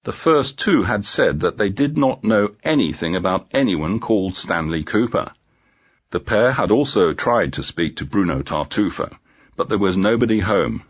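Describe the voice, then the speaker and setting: A man narrating a storybook for English learners in a measured, clear reading, on a dull lo-fi recording. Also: on the low side, lively intonation.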